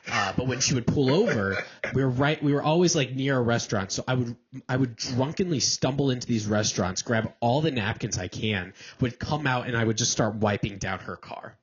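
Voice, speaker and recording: Young man, podcast co-host, husky voice, rambling self-deprecating storytelling, slightly dull audio. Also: mid-range voice, a little fast, few pauses. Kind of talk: casual chat, telling a story.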